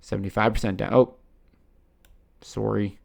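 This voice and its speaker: Gravelly-voiced man with a Canadian accent, chatty. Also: medium pitch, normal speed. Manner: chatty, says "right?" constantly, swears casually. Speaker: crypto channel host. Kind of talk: casual screen-share commentary.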